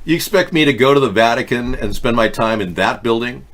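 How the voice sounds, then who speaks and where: A man in his sixties hosting a casual live stream, rambling and joking in a deadpan way. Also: medium pitch, fairly quick. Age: 60s. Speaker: host.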